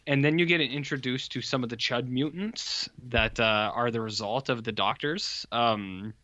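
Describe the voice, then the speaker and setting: A man co-hosting a podcast, casually retelling a horror film in a rambling, animated way. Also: medium pitch, moderate pace, lo-fi sound, background noise. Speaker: podcast co-host reviewing horror films. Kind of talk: casual chat.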